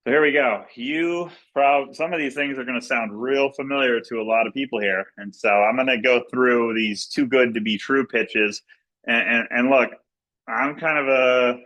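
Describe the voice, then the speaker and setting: Bright-voiced man giving an informal training. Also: medium pitch, moderate pace, poor audio. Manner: informal and repetitive, many fillers and restarts, plain explanatory tone. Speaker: company executive leading a sales training. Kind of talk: recorded training presentation over slides.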